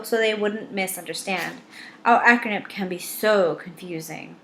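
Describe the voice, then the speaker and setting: Woman reading a novel out loud, first person, wry dry tone, faint hiss behind. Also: medium pitch, unhurried. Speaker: audiobook reader.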